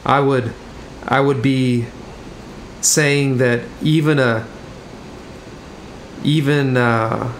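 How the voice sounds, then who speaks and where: Male pastor, mid-pitched, measured sermon reading with some halting restarts, faint room hum.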